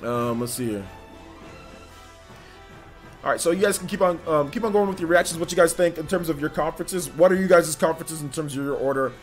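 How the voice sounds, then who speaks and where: A man with a slightly high voice hosts a livestream at a brisk clip. He speaks directly to his chat in a casual, meandering, filler-heavy way while faint music plays in the background.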